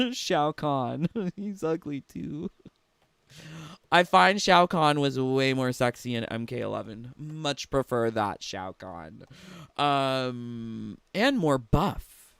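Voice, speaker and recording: A man tears into a gaming video with profane, mocking commentary and keeps breaking into laughter. His voice sits a little high and sounds smooth and resonant. The sound is dry and close, with no room around it. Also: fairly bright tone, dry recording. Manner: mocking, laughs often, swears freely.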